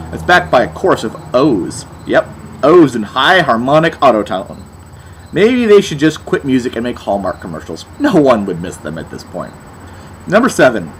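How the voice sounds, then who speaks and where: A man's voice: mid-range voice, a little hiss or hum. A young man giving a sarcastic, exasperated album review, mocking as he goes.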